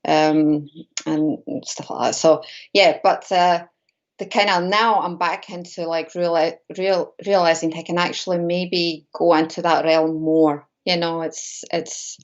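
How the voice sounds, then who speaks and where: A woman's voice: fairly low pitch, steady tone, a little slow. Hesitant woman on dull stream audio. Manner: hesitant, many fillers and restarts. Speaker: course student. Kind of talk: casual chat on a live stream.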